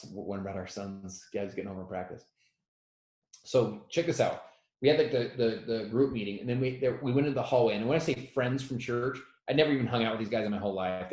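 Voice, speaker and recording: Animated male storyteller in an echoey room. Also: on the low side. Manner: animated, self-deprecating storyteller who acts out quotes loudly. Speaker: motivational speaker. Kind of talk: storytelling talk.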